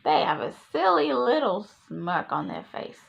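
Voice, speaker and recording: A woman reading a picture book aloud to children, pausing to ask the listener questions. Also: a little high, creaky, lo-fi sound. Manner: slow, animated, asks the listener questions. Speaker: storytime reader.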